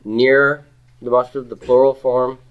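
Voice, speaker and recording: A man's voice: mid-range voice, flat delivery, normal speed. Man teaching a grammar class, asking questions. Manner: drills students, asks questions and repeats their answers. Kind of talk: classroom lecture with student questions. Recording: slightly dull lo-fi classroom recording.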